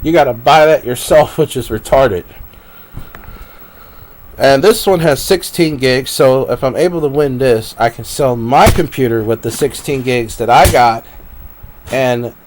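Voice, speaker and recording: A man's voice: medium pitch, a little slow, a little mellow. A man live streaming at his computer, rambling to himself with frequent laughs as he browses. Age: adult. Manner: meandering, talks to himself, laughs often.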